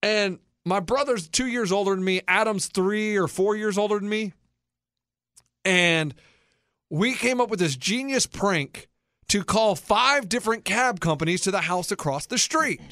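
High-voiced man telling a lively story. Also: measured pace, dry recording, studio quality. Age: 30s. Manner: animated, acts out quoted voices. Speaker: podcast host. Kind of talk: casual storytelling chat.

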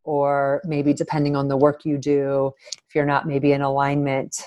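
A woman's voice: extremely low pitch, completely flat delivery, moderate pace, a little mellow. A woman psychologist as a podcast guest, speaking earnestly and reflectively and thinking aloud with frequent fillers. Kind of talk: podcast interview.

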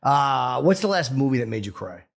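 A man's voice: mid-range voice, big pitch swings, moderate pace, creaky. A man hosting a casual podcast chat, easygoing and asking short questions. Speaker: podcast host.

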